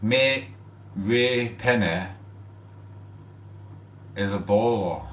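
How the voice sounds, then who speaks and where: A man, rambling and swearing casually as he gives shout-outs on his livestream. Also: lowish voice, moderate pace, recorded from a distance. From England. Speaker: livestream host. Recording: echoey room, off the mic.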